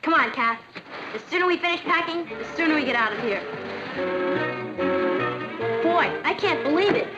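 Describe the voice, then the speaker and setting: An actress playing an eager, bubbly teenage daughter in a 1960s sitcom. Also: female voice, sits high, lively intonation, normal speed, long pauses. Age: teen. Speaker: lead character. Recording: lo-fi TV audio with music.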